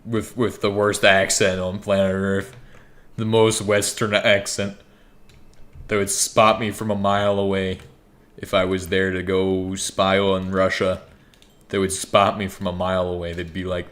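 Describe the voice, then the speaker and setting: A man's voice: sits low, level tone, unhurried, fairly bright tone. A young man giving rambling, joking gameplay commentary, swearing freely. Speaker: gaming YouTuber.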